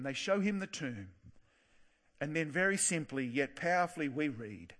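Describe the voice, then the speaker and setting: Man, preacher, sermon, earnest, slow for emphasis, higher pitched voice. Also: very animated, a bit bright.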